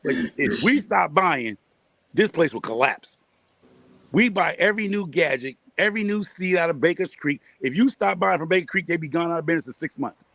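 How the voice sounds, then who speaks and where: A man's voice: a little high, expressive, brisk, a bit bright, dry recording. A man from Connecticut talking gardening on a live chat, repetitive and preachy as he rallies his listeners. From Connecticut, USA. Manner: preachy, repetitive, rallying the audience. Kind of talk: casual chat.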